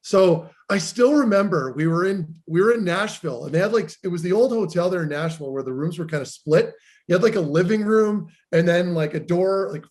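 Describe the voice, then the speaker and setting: Chatty man with a fairly high voice. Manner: animated, rambling anecdotes with many "like"s. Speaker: podcast co-host, former pro hockey player. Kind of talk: casual chat, storytelling.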